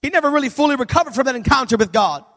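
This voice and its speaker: High-voiced preacher telling funny stories. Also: male voice, racing. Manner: animated, humorous storytelling that swells into shouting. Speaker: pastor. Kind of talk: sermon. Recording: reverberant hall.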